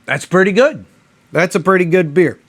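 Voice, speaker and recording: A man's voice: high-pitched, animated, moderate pace, a bit bright. A man reviewing a beer in a casual, rambling monologue, mock-outraged and profane.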